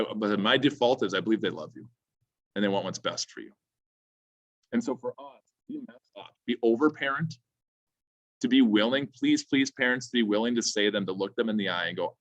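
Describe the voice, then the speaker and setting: A man's voice: fairly low pitch, animated, moderate pace, fairly bright tone, dry recording. Earnest man teaching a parent seminar. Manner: earnest, pleading, advice-giving. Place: school room. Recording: dull lo-fi sound, dry.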